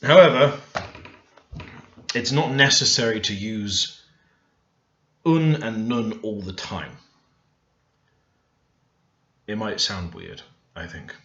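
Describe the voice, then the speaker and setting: Man, low-pitched, deliberate tutor who thinks aloud, dull roomy home recording. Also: lively intonation, bright, forceful tone, a little hiss or hum. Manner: unhurried, thinking aloud while typing. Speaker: language learner teaching Korean. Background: keyboard typing and clicks.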